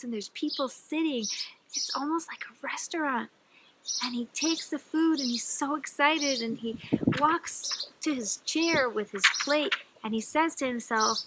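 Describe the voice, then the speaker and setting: Woman teacher, lively storyteller, fairly high voice, birds chirping clearly behind. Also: moderate pace, noisy background. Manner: animated, acts out the characters. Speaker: rebbetzin and storyteller.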